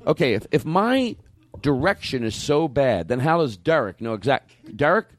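A male comedy host with a lively, swooping voice, playing at strict authority while he shushes the room and breaks into laughs. The sound is dry and close, with no room around it. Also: medium pitch, moderate pace, no room sound. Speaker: podcast host. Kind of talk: comedic banter. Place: studio.

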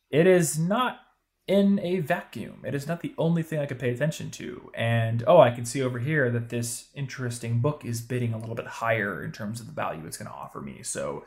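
A male podcast host talking in a casual, emphatic way, hammering his points home in short, punchy bursts. His voice sits at an ordinary middle pitch. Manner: emphatic, punchy advice-giving with quick asides.

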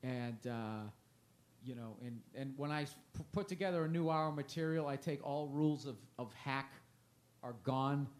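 A man's voice: mid-range voice, normal speed. A man who is a stand-up comedian, chatting casually in an interview, rambling and self-deprecating, often trailing off and restarting.

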